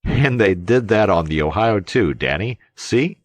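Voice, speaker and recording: A scarred old navy sailor lectures gruffly with a wry edge, as a man puts him on. His voice sits somewhat above a low plain reading voice, dry and close. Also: lively intonation, unhurried, no echo.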